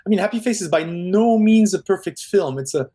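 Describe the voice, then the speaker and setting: Guy from quebec, film director chatting in an interview, kinda high voice, honest and self-deprecating, lots of ums. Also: animated, fairly quick, dark tone. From Quebec, Canada. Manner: candid, self-deprecating, with fillers and restarts. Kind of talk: casual interview conversation.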